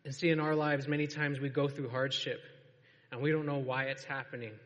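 A man's voice: medium pitch, little pitch movement, fairly quick, a bit bright, dull audio. A man preaching a sermon to a congregation in a church, in a casual storytelling way and laughing often. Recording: long reverb of a large hall.

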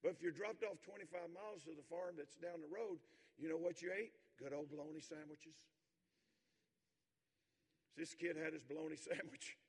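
A man's voice: a little high, fairly even intonation, normal speed, pauses often, breathy edge, big-room sound. A man preaching a sermon, telling a folksy story in a church. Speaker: pastor.

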